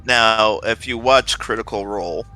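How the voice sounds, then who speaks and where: A man's voice: fairly low pitch, moderate pace, faint music behind. A man joining a game stream, telling stories and joking in a casual chat. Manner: animated, joking storyteller.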